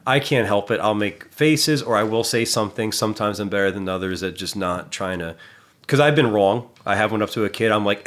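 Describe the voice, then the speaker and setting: A man with a lowish voice chats casually on a podcast as a gym trainer. He is blunt and swears freely, and he acts out the people in his stories. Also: brisk, fairly bright tone. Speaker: personal trainer and gym staff.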